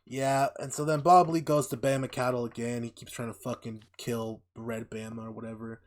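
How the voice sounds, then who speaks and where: A man co-hosting a casual podcast, recapping a TV show in a profane, animated way and acting out the characters' lines. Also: mid-range voice, normal speed. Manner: profane, animated retelling with acted-out quotes. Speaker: podcast co-host.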